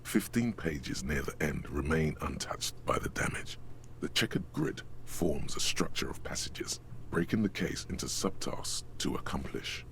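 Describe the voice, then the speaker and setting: A man voicing a game's narrating inner voice, gravelly and measured with a literary way of speaking. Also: very deep voice, animated, fairly bright tone, slight background noise, heavily acted. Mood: wry. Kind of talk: game narration.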